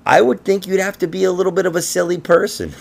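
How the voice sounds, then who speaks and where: A man's voice: sits high, steady tone, fast talker, gravelly, slight background noise. A man hosting a casual conspiracy podcast, rambling and laughing, with frequent swearing. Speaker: podcast host.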